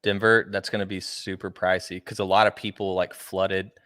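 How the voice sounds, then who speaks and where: A young man with a low voice, chatting loosely on a podcast. He jokes easily and often loses his thread mid-sentence, and the recording is close and dry with no room sound. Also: flat delivery, normal speed, a bit bright, dry recording. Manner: laid-back, jokey, trails off mid-sentence. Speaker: podcast co-host. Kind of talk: casual chat.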